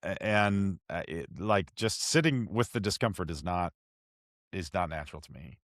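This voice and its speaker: A man hosting a podcast interview, telling stories in an animated, self-deprecating way with frequent restarts. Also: sits low, moderate pace, no echo, clean studio sound. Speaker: podcast host. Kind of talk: conversational interview.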